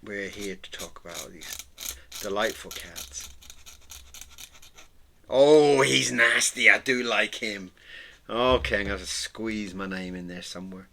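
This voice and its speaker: Middle-aged male art host, lowish voice, sentimental rambler who chuckles a lot. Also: slow pace, creaky, pauses often. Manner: rambling and sentimental, with soft murmured asides; chuckles often. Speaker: artist and channel host. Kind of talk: casual chat while drawing.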